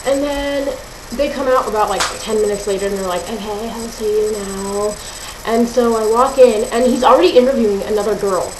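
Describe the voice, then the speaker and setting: A woman's voice: on the high side, fairly quick. A teenage girl telling a ranting story at home, chatty and exasperated, with lots of "like" and "um". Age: teens. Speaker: vlogger. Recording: roomy echo, faint hiss.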